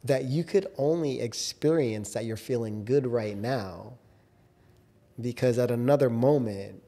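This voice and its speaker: A man's voice: medium pitch, unhurried, mellow. A man co-hosting a casual conversation, explaining his ideas in an earnest, coaching way. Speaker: podcast co-host.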